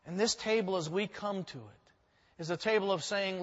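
A man's voice: sits high, moderate pace, a bit bright. A male pastor preaching a sermon, telling stories animatedly with joking asides. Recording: echoey hall, dull sound.

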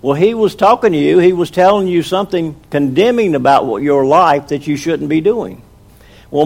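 Gravelly-voiced preacher man. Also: fairly high pitch, animated, moderate pace. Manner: earnest, conversational preaching with acted quotes. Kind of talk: sermon testimony.

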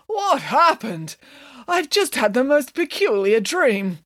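A woman's voice: high-pitched, big pitch swings, slow pace, a bit bright, pitched above the performer's own voice, exaggerated voice. A woman voicing a grumpy, pompous middle-aged father in a storybook reading, blustering and sulky.

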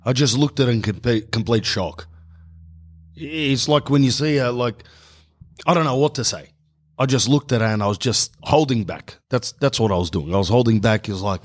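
A middle-aged man, telling a comic story in an exasperated, animated rant and calling the viewer "bro". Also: medium pitch, moderate pace. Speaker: vlogger.

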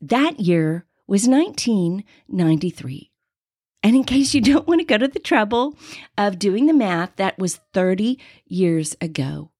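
A woman's voice: mid-range voice, a little slow, breathy edge, no room sound, clean studio sound. A woman in her sixties, a podcast host telling personal stories in a faith-based podcast monologue. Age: 60s. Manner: animated personal storytelling.

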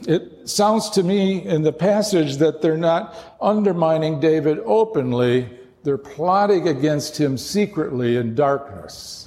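A man's voice: on the high side, darkish tone, long reverb tail. A man preaching a sermon as pastor, earnest and emphatic.

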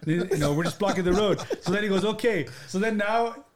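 A man telling a story in a casual podcast chat, animated and profane, acting out what people said. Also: high-pitched, fairly quick. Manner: animated, profane, acts out quotes. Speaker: podcast guest.

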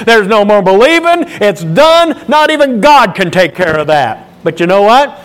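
A male pastor preaching a sermon with animated, emphatic storytelling. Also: high-pitched, normal speed, clear, resonant tone.

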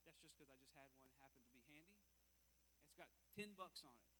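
A man's voice: on the high side, expressive, fairly quick, pushed and bright, slight background noise, rough recording. A man preaching a sermon in a church, speaking emphatically and repeating words as he walks about and calls out to his listeners.

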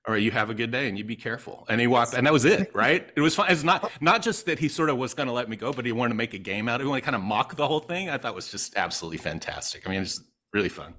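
A man's voice: mid-range voice, very fast, hardly any pauses. A man co-hosting a casual podcast chat, telling anecdotes with lots of fillers, quoting other people as he goes. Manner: animated anecdote-telling with many fillers and quoted voices. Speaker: podcast co-host.

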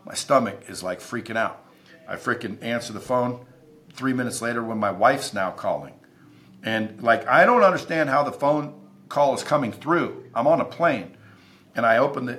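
A man's voice: mid-range voice, normal speed, fairly bright tone. A man who is a podcast guest, telling stories in an emphatic, intense way and swearing freely. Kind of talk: casual interview storytelling.

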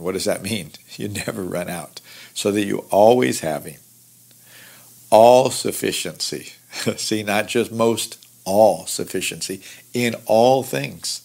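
A man teaching through a Bible passage in an earnest, conversational way, explaining verses with lively asides. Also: on the low side, slow pace, creaky. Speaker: pastor teaching Bible study.

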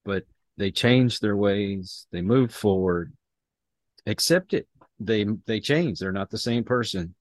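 A man's voice: fairly low pitch, expressive, slow pace, dry recording. A man in a casual podcast conversation, speaking reflectively and repeating words as he thinks.

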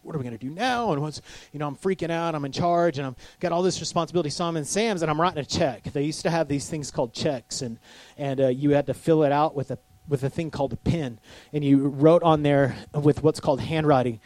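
A man's voice: fairly high pitch, steady tone, a little fast, a little mellow. A middle-aged man preaching a conversational sermon, self-deprecating and often asking the crowd if they are with him. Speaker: pastor.

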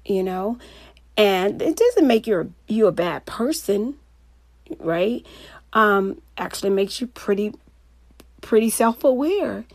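A woman coach giving a motivational talk, telling stories in a lively, anecdotal way and laughing often. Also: medium pitch, slow pace, pauses often, no echo.

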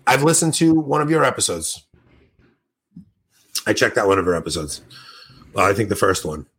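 A man's voice: lowish voice, sing-song, normal speed, a bit bright, slightly rough. A man hosting a podcast in casual chat, enthusiastic and rambling, sounding tired. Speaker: podcast host.

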